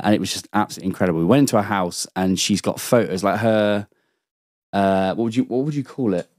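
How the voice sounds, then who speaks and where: Low-voiced man telling a rambling story. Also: a little mellow, dry recording, clean studio sound. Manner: rambling anecdotal storytelling, lots of swearing and restarts. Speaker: podcast guest. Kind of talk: casual chat.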